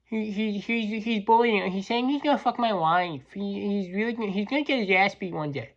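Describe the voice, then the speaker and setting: A man's voice: high-pitched, brisk, fairly bright tone, muffled recording, pitched above the performer's own voice. A man doing a whiny tattling coworker. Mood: whining. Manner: stammering, complaining. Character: whiny tattling male coworker, petty and scared.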